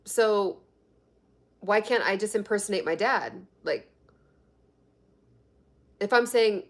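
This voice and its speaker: A woman's voice: mid-range voice, expressive, slow pace, long pauses. A woman hosting a live stream on health and fitness, chatting casually and reading viewer comments aloud. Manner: chatty, laughs often, reads comments aloud.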